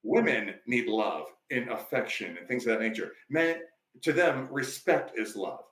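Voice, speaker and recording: A man's voice: mid-range voice, animated, normal speed, a bit bright, echoey room, poor audio. A male life coach, a podcast guest, telling stories emphatically in a preachy, conversational way.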